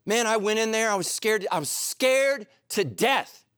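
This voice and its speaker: Animated storytelling preacher, a man. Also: sits high, unhurried, clear, resonant tone, dry recording, clean studio sound. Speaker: pastor. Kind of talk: sermon.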